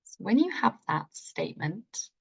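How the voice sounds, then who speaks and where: A woman's voice: mid-range voice, big pitch swings, unhurried, creaky, breathy edge. A woman leading a live online healing masterclass, enthusiastic and informal, with playful turns of phrase. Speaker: healing workshop teacher.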